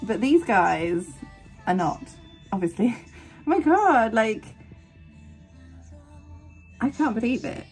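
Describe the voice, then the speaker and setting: Reaction host, woman, slightly high voice, gasping exclamations, squeals to murmurs, faint music behind. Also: takes it slowly, pauses often. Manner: excitable, gasping, frequent exclamations; swings between squeals and quiet murmurs. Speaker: anime reaction channel host. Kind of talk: casual reaction commentary.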